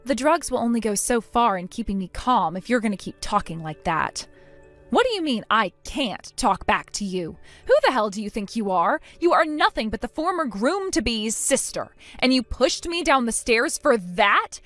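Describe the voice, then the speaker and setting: A woman's voice: fairly high pitch, very animated, moderate pace, fairly bright tone, no echo, soft background music. A woman narrating a text-message story in the first person, indignant, cutting and firm.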